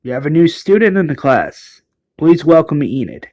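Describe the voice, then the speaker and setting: A man's voice: a little high, sing-song, normal speed, a little mellow, dull audio. A man doing an upbeat schoolteacher. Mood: announcing. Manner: announcing, encouraging. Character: male schoolteacher addressing a class.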